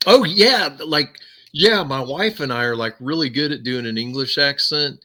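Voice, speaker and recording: A man hosting a podcast, telling stories in a casual, animated way and laughing often. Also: on the high side, normal speed. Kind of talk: casual chat.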